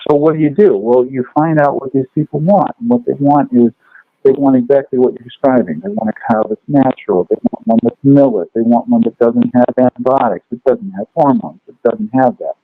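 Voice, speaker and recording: A man teaching food law, telling long lively stories and acting out the people in them. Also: medium pitch, fairly quick, dry recording. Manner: animated, acts out characters in his stories. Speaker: food law lecturer and podcast guest. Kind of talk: lively storytelling chat. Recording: dry, phone-like line.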